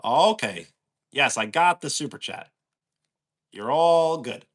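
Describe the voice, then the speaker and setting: A man with a New York accent hosts a relaxed livestream and answers his viewers' comments as they come in. He talks slowly and easily, and his pitch rises and falls a lot. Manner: easygoing, answers chat questions aloud. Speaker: livestream host. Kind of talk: casual chat reading out viewer comments.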